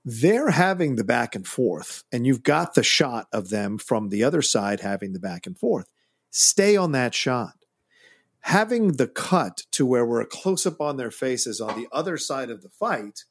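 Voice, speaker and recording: A man talking films on a podcast, emphatic and opinionated. His voice is gravelly and a little husky, recorded dry and close. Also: mid-range voice, sing-song, unhurried, no echo. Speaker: podcast co-host. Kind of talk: casual film discussion.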